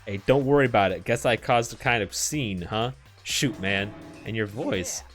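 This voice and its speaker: A man voicing a loud, brash young male student who shouts boisterously. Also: lowish voice, normal speed, soft background music, lightly acted. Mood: fired up.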